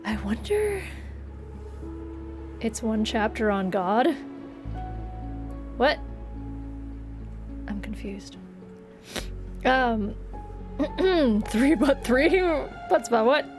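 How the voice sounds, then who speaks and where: A woman streaming a game and reacting out loud in a high, bright voice, quick to swear and to laugh. Game music plays clearly underneath her commentary. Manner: expressive, swears, laughs often. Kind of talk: live gameplay commentary.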